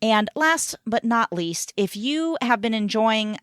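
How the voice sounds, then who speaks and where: A woman's voice: a little high, animated, slow pace, a bit bright, clean tone, no echo. A woman co-hosting a podcast, teasing in a dry way and reading the show's plugs. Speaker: podcast co-host. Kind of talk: casual podcast chat.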